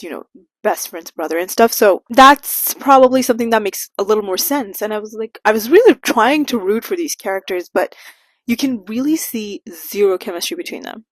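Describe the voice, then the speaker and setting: Young woman, mid pitch, animated sarcastic book rant to camera, dry close mic. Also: no echo. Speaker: book vlogger.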